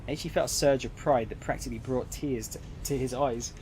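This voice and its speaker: A man's voice: mid-range voice, steady tone, fairly quick, hardly any pauses, a little mellow, a little hiss or hum. A man streaming, reading a visual novel aloud and narrating, with casual, jokey asides.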